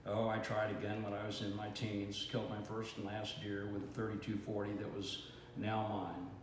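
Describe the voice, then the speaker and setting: A man in his seventies reading his own memoir aloud in a steady, plainspoken way. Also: lowish voice, moderate pace. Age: 70s. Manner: steady, plainspoken storytelling with mild cursing. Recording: echoey room, faint hiss.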